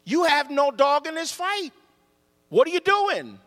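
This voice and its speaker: A man voicing an angry, scornful older brother who accuses his younger sibling in slow, emphatic words. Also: high-pitched, very animated, fairly bright tone, long reverb tail, full character voice.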